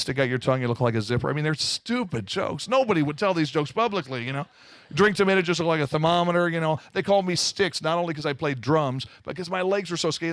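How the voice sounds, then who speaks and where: A man from Southern California telling his life story to an audience, animated and full of self-mocking humor. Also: fairly high pitch, no echo. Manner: animated storytelling, acting out quoted voices. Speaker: speaker giving his testimony. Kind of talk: testimony to a live audience.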